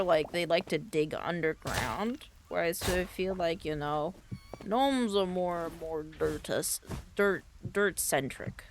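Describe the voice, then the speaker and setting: A young woman streamer chatting casually while gaming, rambling playfully and thinking out loud. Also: on the low side, slight background noise.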